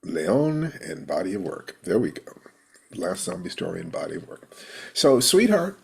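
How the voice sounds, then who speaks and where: A man's voice: low-pitched, very animated, normal speed, vocal fry, darkish tone, slightly rough. A man hosting a writing workshop over a video call, talking in an easygoing, affectionate, musing way. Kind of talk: casual workshop chat.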